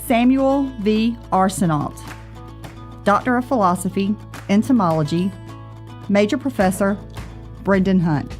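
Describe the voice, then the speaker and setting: A woman announcer reads out graduates' names and degrees at an unhurried, deliberate pace. Her delivery is formal and measured, with faint music playing beneath her voice. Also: medium pitch, darkish tone. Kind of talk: formal name reading.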